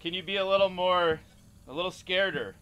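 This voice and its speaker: A man's voice: sits high, clean tone, highs cut off. A man hosting a game play-through, joking as a mock casting director. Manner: slow, mock-official casting director bit. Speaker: gaming channel host.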